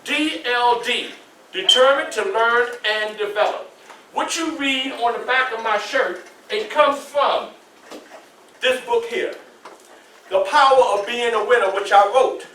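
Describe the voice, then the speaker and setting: A man's voice: very high-pitched, unhurried, pushed and bright, slight background noise. A man in his sixties with a Southern US accent, a motivational speaker addressing students in a preacherly call-and-response way with folksy asides. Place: school hall. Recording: echoey room from far off.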